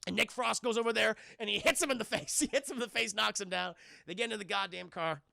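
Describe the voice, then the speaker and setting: A man excitedly recapping a film for his live-stream chat, swearing freely and acting out the characters' lines in shifting voices. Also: high voice, quick pace, vocal fry, no room sound, studio quality. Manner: excitable, profane, keeps addressing chat.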